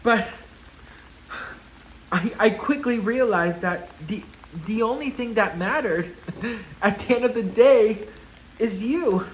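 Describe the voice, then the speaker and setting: A man's voice: high voice, expressive, slow pace, long pauses, slight background noise, voice pushed up, low-quality recording. A man playing a heartbroken woman star pleading with her ex in a melodramatic, breathless way. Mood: tender.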